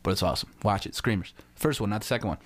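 A man's voice: on the low side, racing, a bit bright. A man, telling a rambling, profane story as a podcast co-host. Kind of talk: casual chat.

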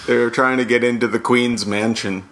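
A man co-hosting a comedy podcast, making absurd jokes with deadpan delivery. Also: mid-range voice, moderate pace, slight background noise. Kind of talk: improvised comedy banter.

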